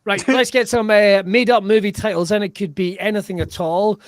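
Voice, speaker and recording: A high-voiced man hosts an improv show over a video call, laughing often and swearing in fun. His voice is close and dry, with no room sound. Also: fairly even intonation, fairly quick, no room sound. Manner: giggly, swears playfully. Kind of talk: casual online improv show hosting.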